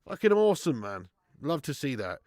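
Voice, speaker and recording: A middle-aged man, chatting excitably through a live football watch-along, swearing and bantering with his viewers. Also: medium pitch, moderate pace, no room sound, clean studio sound.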